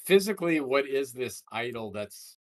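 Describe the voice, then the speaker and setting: A man's voice: medium pitch, lively intonation, normal speed. Man asking blunt questions as a player. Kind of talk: tabletop game chat.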